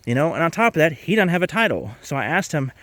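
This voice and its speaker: A man's voice: fairly high pitch, big pitch swings, fast talker, fairly bright tone, no room sound. A man ranting casually to camera, exasperated and swearing freely about private car sellers. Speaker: vlogger.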